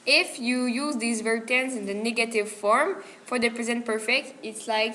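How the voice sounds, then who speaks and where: Brief: woman student presenter, slightly high and bright voice, careful, somewhat stilted reading of a grammar lesson. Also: fairly even intonation, moderate pace, few pauses, a little hiss or hum. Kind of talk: reading a prepared grammar explanation.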